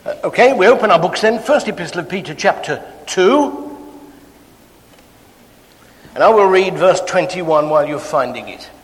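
An English man teaches from the Bible in a self-deprecating, chatty way, picking up speed as his enthusiasm grows. His voice sits a little high for a man. It rings out in a large hall with long reverb. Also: lively intonation, moderate pace, long pauses. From England. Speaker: preacher. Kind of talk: Bible class talk.

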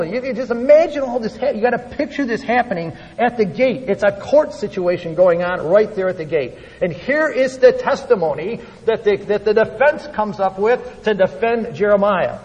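A man preaching a Bible class sermon, animatedly acting out scripture dialogue and sometimes rising to a shout. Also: high-pitched, lively intonation, brisk, hardly any pauses. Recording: dull recording in a reverberant hall.

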